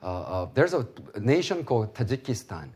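Low-voiced male pastor, preaching with swings between loud and hushed. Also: big pitch swings, a little fast, breathy edge. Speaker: pastor and seminary teacher. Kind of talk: sermon with personal stories.

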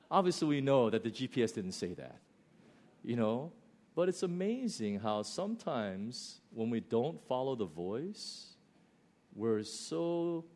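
A man with an American accent preaching a sermon, telling stories with loud bursts and slow, quiet emphasis. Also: on the low side. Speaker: pastor.

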